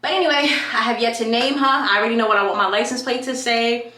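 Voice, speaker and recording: A woman telling a story in a casual vlog at home. She talks in a chatty, animated way and acts out what people said. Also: fairly high pitch, fast talker. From New York. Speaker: vlogger. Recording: echoey room.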